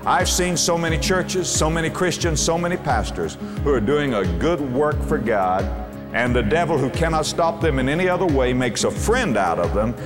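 A man preaches in a fairly high, lively voice that climbs and drops with feeling. He draws out scripture readings slowly and with emphasis. The sound is roomy, with a long hall reverb and faint music. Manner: impassioned preaching, slows to read scripture aloud. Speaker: pastor. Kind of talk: sermon. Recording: echoey hall with soft music.

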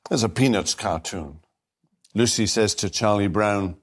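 Deliberate, emphatic male Bible teacher. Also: on the low side. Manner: deliberate, emphatic, with slow stressed phrases. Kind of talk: recorded teaching lecture.

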